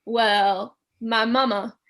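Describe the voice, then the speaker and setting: A young woman telling a story as a podcast guest, animated and acting out the quotes, with many filler words. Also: a little high, very slow. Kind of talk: casual storytelling.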